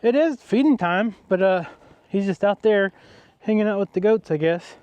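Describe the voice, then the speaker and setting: A man's voice: high voice, animated, moderate pace, darkish tone, clear, resonant tone, dry recording. A man, an easygoing farmer chatting outdoors on his farm and talking to his animals. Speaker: farmer, vlogger. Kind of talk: casual farm vlog.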